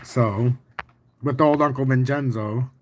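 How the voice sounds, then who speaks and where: A man hosting a casual crypto livestream, walking through charts and chatting with viewers in a boastful, profane, animated way. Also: mid-range voice, slow pace. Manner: boastful and confident. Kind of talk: casual livestream chart talk, answering chat.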